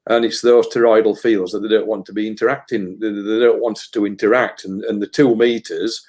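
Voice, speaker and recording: A man's voice: on the low side, steady tone, a little fast, a little mellow. A man as a guest on a live talk, musing at length about spiritual experience with many restarts. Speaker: spiritual guest and energy reader. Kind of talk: casual live conversation.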